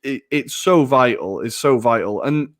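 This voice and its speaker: A man co-hosts a casual football podcast at a mid-range pitch. He is chatty, uses plenty of fillers, and pokes fun at himself. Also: moderate pace. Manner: chatty, self-mocking, many fillers. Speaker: podcast co-host.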